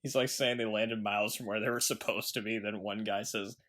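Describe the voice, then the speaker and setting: A man's voice: fairly low pitch, flat delivery, fairly quick, fairly bright tone. A man co-hosting a movie podcast in casual chat, laughing often and quoting film lines. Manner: laughs often, quotes lines, loose and rambling. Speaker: podcast co-host.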